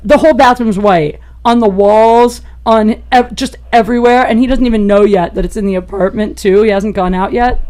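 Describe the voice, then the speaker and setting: A woman comedian, a podcast guest, telling a raunchy personal story in an animated way and laughing as she goes. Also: normal speed, few pauses. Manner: animated, gets loud and high-pitched as the story peaks; laughs through her own story.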